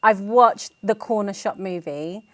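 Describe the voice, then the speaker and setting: A woman's voice: mid-range voice, a little slow, dry recording. A woman hosting a TV interview show in a bubbly, giggly, effusive way. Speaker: TV show host.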